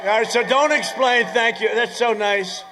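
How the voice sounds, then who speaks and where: A man in his seventies speaks at a political rally, his voice sitting high for a man. He wanders into sarcastic asides, circles back and repeats himself, then suddenly shouts his lines out. A faint murmur of ambience sits behind him. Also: moderate pace, noisy background. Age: 70s. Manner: bursts into shouting. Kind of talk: rally speech.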